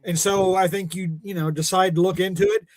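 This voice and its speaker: High-voiced man rambling through comics chat. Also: steady tone, a little fast, a little mellow, no echo. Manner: rambling, many fillers and restarts, wry jokes. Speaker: podcast co-host. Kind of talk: casual comics podcast chat.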